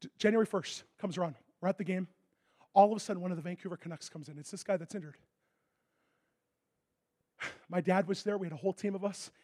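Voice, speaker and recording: High-voiced husky preacher man. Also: quick pace, pauses often. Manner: animated storytelling, acts out dialogue, swings from loud excitement to hushed intensity. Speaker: pastor. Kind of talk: sermon.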